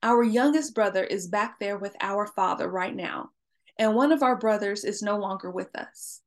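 A group of anxious grown brothers pleading their case, read by a woman. The delivery is earnest and pleading, at a middling pitch for a woman's voice, as part of a scripture reading. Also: moderate pace, natural voice.

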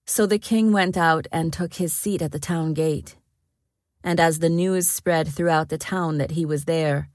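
A woman narrating a Bible story in a calm, scripted reading. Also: fairly low pitch, dry recording, studio quality. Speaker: Bible reader.

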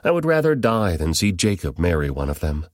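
A man's voice: deep voice, very animated, fairly quick, no room sound, studio quality. A man voicing an anxious, protective mother who gives urgent, firm instructions.

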